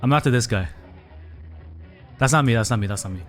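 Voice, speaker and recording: Casual male streamer, mid-pitched, loose and rambling, slightly winded, with faint music in the background. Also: a little fast. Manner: chatty, rambling, talks to chat as "fam". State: out of breath. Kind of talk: casual live-stream chat. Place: small room indoors.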